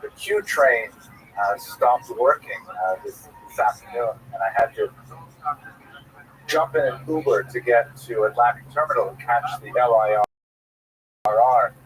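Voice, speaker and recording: A man's voice: mid-range voice, measured pace. Rambling middle-aged man lecturing from afar. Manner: rambling storyteller with frequent fillers and restarts. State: a little flustered after rushing. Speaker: rabbi giving a Talmud class. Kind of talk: lecture with personal anecdote. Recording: distant mic with faint noise.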